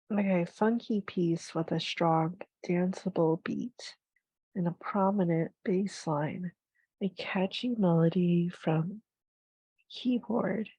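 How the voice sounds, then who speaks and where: A woman reviewing tech in a casual, thinking-aloud way, drowsy and unhurried, hesitant with many fillers. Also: on the low side, a little mellow, husky, dry recording, rough recording.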